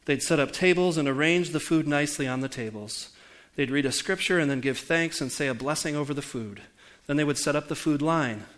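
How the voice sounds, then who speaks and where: In a church, a pastor in his forties delivers a sermon in a conversational style, asking the congregation questions. His voice runs a little high.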